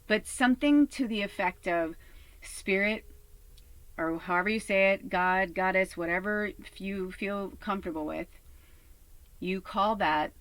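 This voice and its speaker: A woman giving a casual spiritual reading from a tiny home RV, chatty and earnest, swearing casually and sometimes dropping to a soft whisper. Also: medium pitch, no echo, low-quality recording. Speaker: spiritual reader. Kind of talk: casual collective tarot reading.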